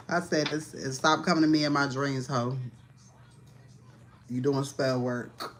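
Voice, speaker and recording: A woman's voice: very deep voice, slow, slight background noise. Blunt, profane woman reading tarot. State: tired and annoyed. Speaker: tarot reader. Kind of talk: casual livestream reading.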